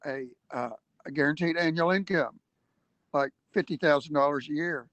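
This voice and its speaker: A man speaks earnestly on a livestream, laying out his argument step by step and pressing hard on key points between hesitant fillers. His voice sits slightly high for a man, and the sound is close and dry with no room echo. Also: moderate pace, fairly bright tone. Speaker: activist speaker. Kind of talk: livestream advocacy talk.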